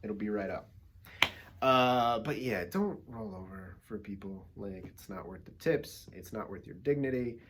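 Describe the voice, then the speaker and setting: A man vlogging casually, telling a story with lively acted-out quotes, laughing and swearing often. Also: fairly low pitch, a little slow, hardly any pauses, a little hiss or hum. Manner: swears casually, rambling asides. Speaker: actor and vlogger.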